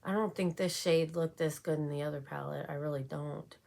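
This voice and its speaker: A woman's voice: low voice, steady tone, a little fast, vocal fry, darkish tone. A woman beauty vlogger chatting casually and rambling while doing her makeup. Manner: chatty, rambling, with frequent fillers. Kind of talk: casual makeup tutorial chat.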